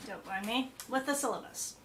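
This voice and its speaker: A woman's voice: fairly high pitch, normal speed. A woman, a piano teacher talking casually through a practice session, thinking aloud with fillers and asides. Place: home practice room with piano. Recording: roomy practice room, faint background noise.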